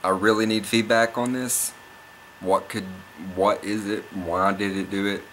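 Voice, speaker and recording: A young man with a low, bright-edged voice tells a story straight to camera. He rambles and repeats himself, getting more and more excited. A faint hiss sits under the recording. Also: a little slow. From Oklahoma. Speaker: vlogger. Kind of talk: casual storytelling vlog.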